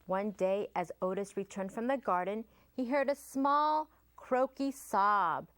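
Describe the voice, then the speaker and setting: A woman librarian reading a picture book aloud to children in a slow, sing-song storytelling manner. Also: medium pitch, fairly bright tone, a little hiss or hum.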